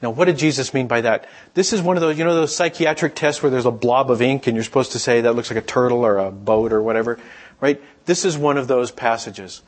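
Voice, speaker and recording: A middle-aged man giving a sermon in a relaxed, conversational storytelling way, sometimes acting out the voices of people he quotes. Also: mid-range voice, quick pace. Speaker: pastor.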